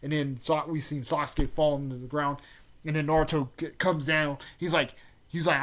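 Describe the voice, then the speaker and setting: A man casually recapping a fan-made story, rambling with lots of fillers and restarts, and with excited bursts on the action beats. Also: on the high side, moderate pace.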